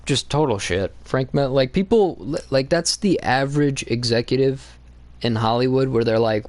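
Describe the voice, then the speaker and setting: A man's voice: medium pitch, normal speed, no echo. Blunt, profane young man ranting about comics. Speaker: comics channel host. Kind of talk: casual opinionated monologue.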